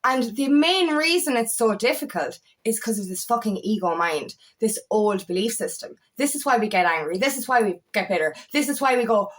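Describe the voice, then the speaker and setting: A woman, a spiritual coach talking casually to camera, emphatic and animated, swearing freely. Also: on the high side, normal speed, hardly any pauses. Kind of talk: casual monologue.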